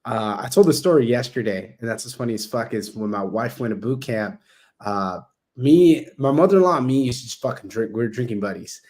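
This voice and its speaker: Rapid-fire male podcast host, blunt and foul-mouthed. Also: mid-range voice, lively intonation, a little mellow. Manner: blunt, profane storytelling. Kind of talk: casual podcast chat.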